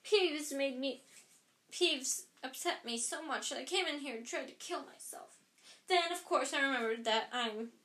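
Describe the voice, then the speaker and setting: A woman voicing a weepy, self-pitying ghost girl in a whiny, tearful, drawn-out way, in a storybook reading. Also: fairly high pitch, fairly bright tone. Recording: echoey room.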